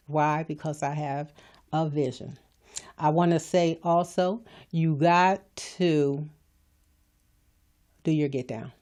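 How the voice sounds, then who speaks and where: Low-voiced preachy woman host. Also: fairly even intonation, takes it slowly, long pauses, darkish tone. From California. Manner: preachy, emphatic, repeats phrases. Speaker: podcast host. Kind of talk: motivational talk.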